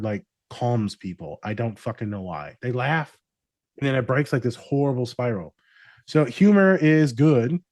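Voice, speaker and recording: A man's voice: mid-range voice, darkish tone, no echo, clean studio sound. A man, a therapist guesting on a podcast, talking in a brash, profane, teasing way and laughing often. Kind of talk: casual podcast chat.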